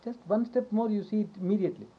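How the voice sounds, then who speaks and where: A yoga teacher lectures on yoga philosophy in a high-pitched, fast, slightly rough voice, repeating phrases, posing rhetorical questions and chuckling softly now and then. The recording is dull and lo-fi.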